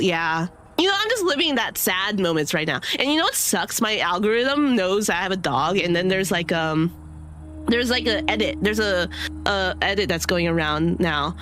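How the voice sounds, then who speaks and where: A woman's voice: fairly low pitch, a bit bright. A young woman chatting casually, rambling with many fillers and sometimes tearful. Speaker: streamer. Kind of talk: casual chat.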